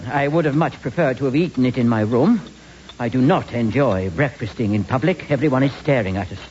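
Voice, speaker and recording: An actor playing a fussy, prim, complaining doctor sidekick in a comedy radio drama. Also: male voice, medium pitch, brisk, darkish tone, dull audio, a little hiss or hum, close to an everyday voice. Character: fussy, whining male doctor sidekick and narrator.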